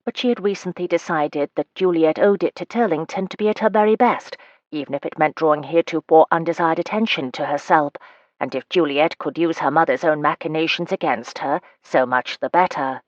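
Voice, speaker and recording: A woman with a low, steady voice reads a romance novel aloud as scripted narration, lifting her pitch a little for the characters' lines. The recording is dry and close, with a slightly muffled, dull tone. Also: a little fast, no echo. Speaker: audiobook narrator.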